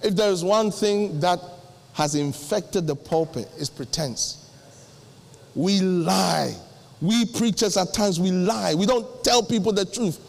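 A middle-aged male pastor preaching, acting out little dialogues with sudden jumps in pitch. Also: slow pace, vocal fry. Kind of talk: sermon. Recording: long hall reverb.

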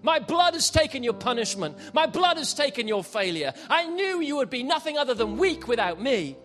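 God as a booming warrior father, a man preaching him. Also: sing-song, soft background music, full character voice. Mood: proclaiming. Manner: shouting slowly from on high. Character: God, a giant warrior father, loving and commanding.

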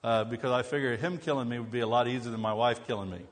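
A man's voice: mid-range voice, fairly even intonation, rapid-fire, a little hiss or hum. A man preaching a sermon as pastor, telling funny self-deprecating stories before turning to scripture. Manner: humorous storytelling with self-deprecating jokes. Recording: long hall reverb.

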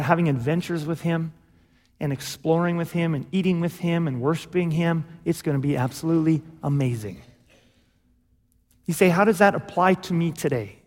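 High-voiced animated preacher in a hall. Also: male voice, a little fast. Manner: animated, conversational preaching with acted asides. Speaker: pastor. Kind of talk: sermon. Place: church sanctuary.

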